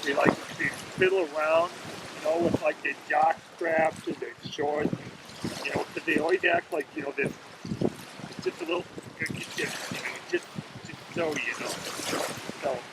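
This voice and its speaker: A man's voice: a little high, lively intonation, normal speed, pauses often, heavy background noise. A man chatting casually into his laptop on a lakeshore beach, rambling through a story and his day. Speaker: vlogger. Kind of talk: casual outdoor video diary. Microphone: laptop webcam.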